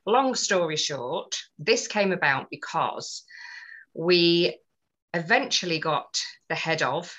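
A woman's voice: on the low side, animated, slow, fairly bright tone, low-quality recording. A woman on a podcast, telling a personal story in earnest, detailed casual chat. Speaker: podcast co-host.

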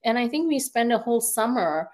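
A woman's voice: fairly high pitch, animated, brisk, darkish tone. A woman in her thirties, a therapist and coach, talking casually as a podcast guest with lots of fillers and restarts. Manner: chatty, many fillers and restarts. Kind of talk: casual conversational interview.

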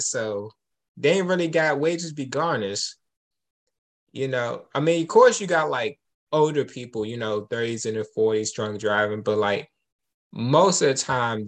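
Relaxed man hosting a talk show. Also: mid-range voice. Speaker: show host.

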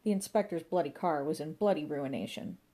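A woman narrating a comic story in a lively, playful way, voicing sound effects as she reads. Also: low-pitched, fairly quick. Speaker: audiobook narrator.

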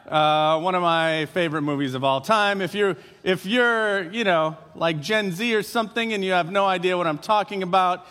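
A man's voice: high voice, fairly bright tone. A man preaching a sermon as pastor, speaking conversationally with frequent filler "uh"s. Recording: long hall reverb.

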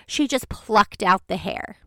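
A woman's voice: medium pitch, no room sound, clean studio sound. Chatty woman telling a storytime. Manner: chatty, expressive, fast bursts. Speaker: vlogger. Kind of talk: casual storytime.

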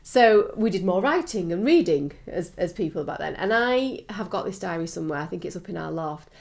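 A woman's voice: on the low side, animated, fairly quick, gravelly, darkish tone. A woman co-hosting a podcast in casual chat. Her voice sounds nasal and blocked up from a cold, and she talks candidly, giggles often and uses lots of fillers. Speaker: podcast co-host.

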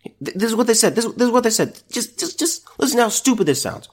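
A man's voice: high-pitched, lively intonation, fast talker, husky. A man hosting a solo opinion podcast, ranting in exasperation and restarting his sentences. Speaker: podcast host.

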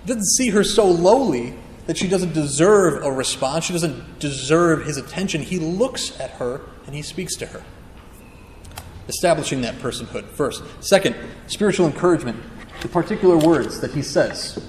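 Male preacher, earnest, emphatic, slightly high voice, roomy reverb. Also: expressive, normal speed, slight background noise. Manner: earnest, emphatic teaching with acted-out quotes. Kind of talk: sermon. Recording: echoey hall with long reverb.

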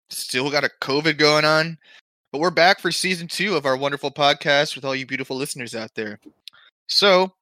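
A man hosting a casual podcast, opening the show with an upbeat welcome and making quick wry remarks. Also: on the high side, pushed and bright, no echo. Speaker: podcast host. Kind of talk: casual chat.

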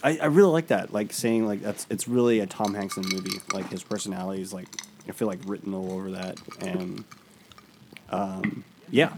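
A man's voice: low-pitched, normal speed, creaky, noisy background. A man co-hosting a podcast, agreeing readily and laughing often in casual chat. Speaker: podcast co-host.

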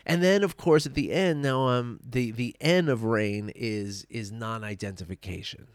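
A man in his thirties talks straight to camera, tearful and emotional. He speaks in an earnest, halting way, with many fillers and restarts. His voice sits at an ordinary pitch and sounds dry and close, with no room sound. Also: clear, resonant tone, no room sound. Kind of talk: personal reflective vlog.

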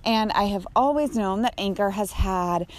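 A woman's voice: medium pitch, normal speed. A young woman hosts her podcast while walking laps outdoors, a little out of breath. She talks to her listeners directly in a chatty, upbeat way. She records it all on her phone. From Connecticut. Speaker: podcast host. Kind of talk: casual podcast talk.

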